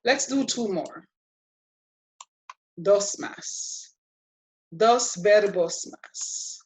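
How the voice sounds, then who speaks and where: A woman talks through a language lesson at an unhurried, deliberate pace. Her manner is patient and a little playful, and she spells out every step carefully. Her voice sits at an ordinary middle pitch. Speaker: Spanish teacher.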